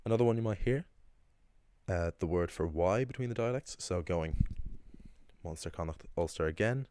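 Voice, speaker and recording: Low-voiced man teaching casually. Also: darkish tone, smooth, no room sound. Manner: chatty, rambling, frequent ums and self-corrections. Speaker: Irish language teacher. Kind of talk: casual explanatory lesson.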